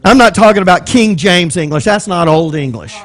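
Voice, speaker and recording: A man with a Texan accent and a high-pitched voice leads a Bible study in a church meeting room. He talks in a loose, conversational way, picks words apart one at a time and keeps asking his listeners questions. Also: expressive, fairly quick, fairly bright tone. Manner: conversational, explains word by word, asks the room questions. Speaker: Bible teacher.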